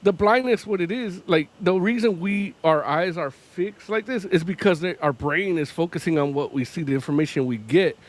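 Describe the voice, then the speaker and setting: Male podcast co-host, slightly high pitch, loose and profane, laughs mid-sentence. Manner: rambling, profane, laughs often, does quick impressions. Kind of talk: casual chat.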